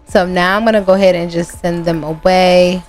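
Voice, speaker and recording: A woman's voice: on the low side, fairly even intonation, normal speed, a little mellow, soft background music. A young woman giving casual gameplay commentary, emotional and exclamatory. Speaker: gameplay host.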